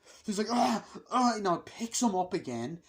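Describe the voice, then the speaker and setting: A man's voice: high voice, very animated, a little mellow, breathy edge. A man giving a casual, blunt and profane film review, griping about a movie and acting out its scenes. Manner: profane, blunt, acts out scenes in quick put-on voices.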